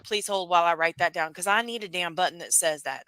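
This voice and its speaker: A woman's voice: lowish voice, fast talker, bright, forceful tone, clean tone, dry recording. A woman talking emphatically on a livestream, asking rhetorical questions and repeating herself. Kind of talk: ranting livestream monologue.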